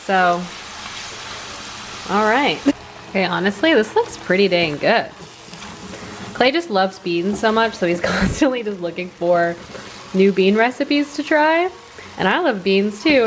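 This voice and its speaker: A woman's voice: medium pitch, animated, a little slow, slight background noise. Chatty young woman vlogging at home. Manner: chatty and self-deprecating, with frequent fillers. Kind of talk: casual chat. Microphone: handheld vlog camera.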